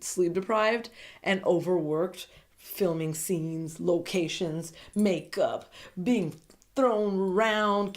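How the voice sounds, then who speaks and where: A woman giving a casual, opinionated recap of a TV episode, chatty and quick to slip into playful voices. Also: on the low side. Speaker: TV show recap vlogger. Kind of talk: casual commentary monologue.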